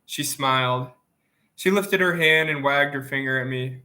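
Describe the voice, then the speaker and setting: A man reads a novel aloud in plain, steady first-person narration. His voice is bright and clear-toned, though sniffly from allergies. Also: medium pitch, unhurried. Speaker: audiobook reader.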